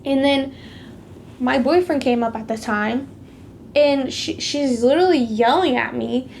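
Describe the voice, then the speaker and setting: A woman's voice: high-pitched, unhurried, vocal fry, darkish tone, a little hiss or hum. A woman telling a personal story in a casual, chatty way, leaning hard on "like" and stressing the big moments. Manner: chatty, heavy use of "like"; emphatic retelling of a past conflict. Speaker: vlogger sharing a faith testimony.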